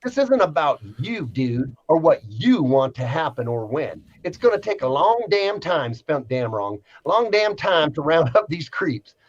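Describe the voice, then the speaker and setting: A preachy online commenter lectures in a thick Southern drawl, as a man puts her on. The voice sits high and swings widely as she scolds, and the sound is dull and lo-fi like a home livestream. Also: sing-song, unhurried, hardly any pauses. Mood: scolding. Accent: American Southern.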